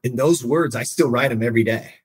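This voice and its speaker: A man's voice: medium pitch, fairly quick, breathy edge. A man hosting a podcast who tells personal stories emphatically and keeps checking in with his listener. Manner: emphatic storyteller, keeps asking "right?". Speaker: podcast host. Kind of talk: motivational podcast conversation.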